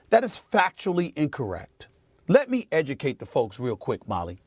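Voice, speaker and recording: A middle-aged man hosting a sports debate show, making his point with forceful, preachy repetition in a TV studio. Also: on the high side, very animated, moderate pace, breathy edge, no room sound. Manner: emphatic and preachy, repeats phrases for effect. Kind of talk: heated on-air sports commentary.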